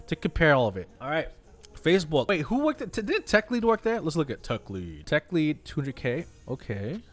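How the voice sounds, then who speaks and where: A young man, a web developer streaming live, reacting excitedly to salary figures and talking to his chat. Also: a little high.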